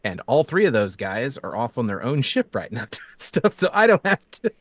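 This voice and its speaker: A man's voice: medium pitch, sing-song, moderate pace, a bit bright, dry recording. A man acting as game master, chatting easily about his tabletop game and laughing as he talks. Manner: easygoing, laughs while talking.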